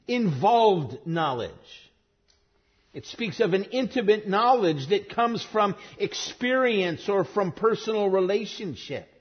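A man's voice: high voice, husky, muffled recording. A man preaching a sermon as pastor, emphatic and repeating key phrases for weight.

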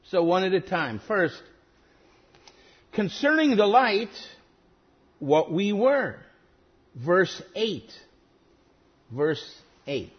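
Emphatic high-voiced male preacher, slow. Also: very animated, slightly rough. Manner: deliberate, emphatic, dwells on single words. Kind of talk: expository sermon. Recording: dull lo-fi sermon recording.

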